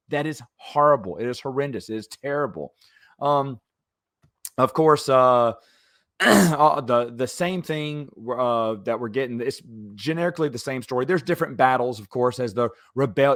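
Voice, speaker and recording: A man's voice: mid-range voice, dry recording, studio quality. A man giving a casual episode review as a show host, exasperated and critical, with lots of ums and uhs. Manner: exasperated critique with frequent fillers.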